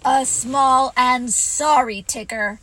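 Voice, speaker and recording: A woman voicing a fussy, bossy rabbit who speaks with brisk, emphatic self-importance in a storybook reading. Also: sits high, steady tone, sharp tone, no echo, exaggerated voice. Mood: scheming.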